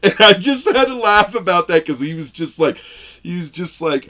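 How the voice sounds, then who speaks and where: A man's voice: high-pitched, sing-song, moderate pace, a bit bright. A man co-hosting a film review podcast, talking in a loose, rambling way, acting out lines he retells and laughing at his own jokes. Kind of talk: casual chat.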